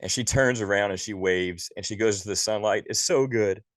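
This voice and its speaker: Male podcast co-host, very low voice, dry close sound, exasperated and profane ranting. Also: moderate pace, no echo. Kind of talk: casual movie review chat.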